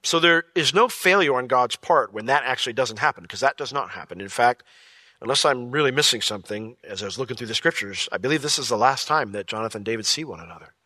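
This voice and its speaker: A male pastor delivering a sermon in a very bright, ringing voice. The sound is dry and close, with no room around it. He gets animated, jumping into high comic voices to act out little scenes. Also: fast talker, no echo. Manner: animated, jokey impressions with big pitch jumps.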